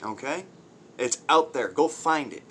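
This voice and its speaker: This time his voice sits at medium pitch, animated but a little slow and slightly bright, with some background noise. The vlogger keeps up his crude, mocking rant, cursing heavily, leaning on folksy slang and breaking into laughter between points.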